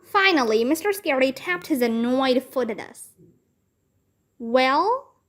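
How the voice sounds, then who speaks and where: A woman narrating a children's chapter book aloud in a clear storytelling manner. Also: sits high, expressive, moderate pace.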